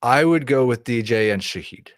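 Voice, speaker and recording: A man on a live fantasy football panel whose pitch swings up and down a lot as he talks. He chats casually, gives his picks, and is quick to agree with the others. The sound is dry and close. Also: animated, dry recording.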